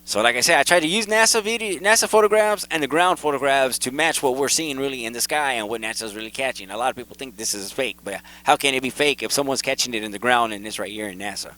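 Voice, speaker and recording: A man hosting his own video, casually and excitedly talking viewers through photos and repeating himself as he points things out. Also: mid-range voice, fast, hardly any pauses, low-quality recording. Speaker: video host. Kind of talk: casual commentary over photos.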